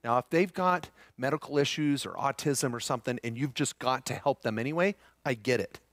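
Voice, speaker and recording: A man's voice: medium pitch, brisk, fairly bright tone, no echo. A middle-aged man speaking to a live seminar audience, joking and upbeat, talking straight to the room.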